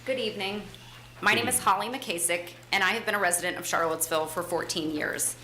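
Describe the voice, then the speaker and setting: A woman's voice: mid-range voice, quick pace, bright, forceful tone, slight background noise, low-quality recording. A woman reading a composed, prepared public comment to a city council.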